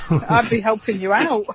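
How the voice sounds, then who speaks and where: A woman's voice: on the high side, unhurried, muffled recording, crowd noise. A woman co-hosting a podcast, chatting playfully and laughing often. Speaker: podcast co-host. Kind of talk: casual interview chat.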